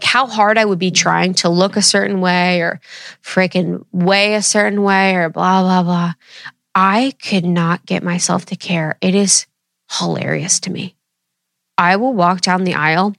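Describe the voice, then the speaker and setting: A woman in her thirties talks candidly on her own podcast, rambling loosely and swearing freely. She acts out what others said in lively asides, at a middling pitch. The recording is dry and close. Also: no room sound. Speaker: podcast host. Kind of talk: casual solo chat.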